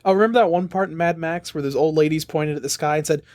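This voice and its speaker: A man's voice: on the high side, quick pace. Young man riffing crude jokes. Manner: deadpan, crude jokey riffing. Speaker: podcast co-host. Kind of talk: casual comedic banter.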